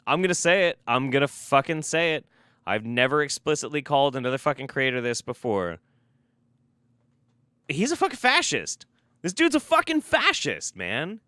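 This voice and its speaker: A man rants through a reaction commentary, profane and exasperated, often repeating short phrases for emphasis. His voice is smooth and clear. The sound is dry and close, with no room around it. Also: medium pitch, a bit bright, dry recording. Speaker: commentary video host.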